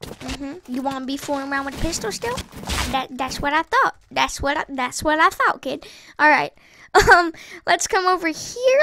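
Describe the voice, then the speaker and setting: A woman giving excitable live gameplay commentary, trash-talking opponents and giggling as she plays. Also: high voice, normal speed, a little hiss or hum. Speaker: gaming channel host.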